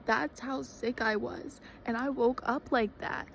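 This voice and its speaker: A woman's voice: fairly high pitch, steady tone, unhurried, vocal fry, slight background noise, rough recording. A young woman telling a story in a chatty, dramatic way, full of fillers. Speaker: vlogger. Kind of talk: casual storytelling.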